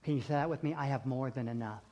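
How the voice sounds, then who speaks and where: With slight background noise behind him, a medium-pitched male pastor preaches fast, using rhythmic repetition and call and response with his congregation. He moves back and forth between booming, emphatic calls and quiet, intimate lines.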